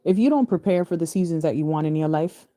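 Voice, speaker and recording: A woman with a low, very mellow voice talks through scripture in a relaxed, chatty way. She reads a verse, then wanders into loose asides, restarting phrases and laughing easily. Her voice sits close and dry, with no room sound around it. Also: quick pace, dry recording. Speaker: spiritual reader. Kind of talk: casual scripture reading and commentary.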